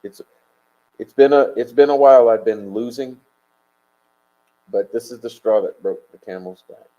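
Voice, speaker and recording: A man's voice: mid-range voice, moderate pace, dull audio. A man hosting a casual livestream, rambling and swearing emphatically as he chats and answers viewer comments. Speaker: livestream host.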